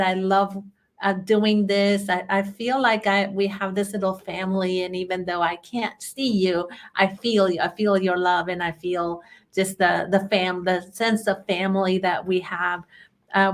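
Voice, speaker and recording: Effusive woman hosting a webinar, Chilean accent. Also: medium pitch. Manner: effusive and chatty, greets people by name. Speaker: bookkeeping trainer hosting a webinar. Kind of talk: live webinar welcome, reading out attendees.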